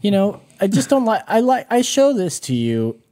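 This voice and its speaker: Higher-voiced playful man bantering. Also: moderate pace. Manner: playfully mocking, lively, swears. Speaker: podcast co-host. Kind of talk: casual banter.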